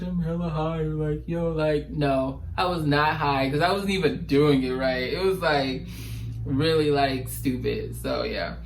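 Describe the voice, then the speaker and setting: A man's voice: on the high side, low-quality recording. Young male vlogger, casual chat, slangy and theatrical. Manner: animated, slangy, dramatic.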